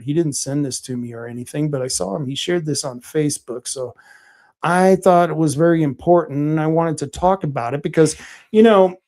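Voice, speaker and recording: Ranting male podcast host. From Oregon, United States. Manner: angry ranting, swearing, rising loud and high when worked up. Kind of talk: live-stream commentary reading chat.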